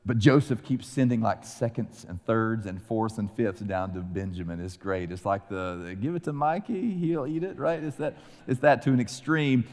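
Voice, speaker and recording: A man preaching a sermon, retelling a scripture story with lively acted-out voices. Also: on the low side, normal speed, hardly any pauses, long reverb tail. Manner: animated storytelling, acting out voices. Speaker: pastor.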